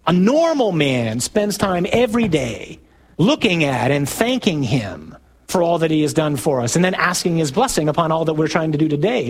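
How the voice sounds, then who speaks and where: A middle-aged priest with a slightly high, husky voice gives a talk to his parishioners. He speaks conversationally and throws questions at the room, then pushes into loud, emphatic bursts on his main points. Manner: conversational, asks the audience questions. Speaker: Catholic priest. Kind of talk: talk to a parish men's group.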